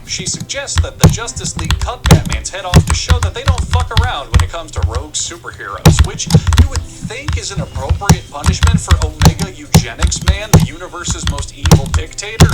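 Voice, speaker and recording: A young man with a high, very animated voice delivers a sarcastic, swearing-laden comic book review. His pitch leaps around for comic effect, and loud music plays behind him. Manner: sarcastic and profane, with big pitch jumps. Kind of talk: sarcastic comedic commentary.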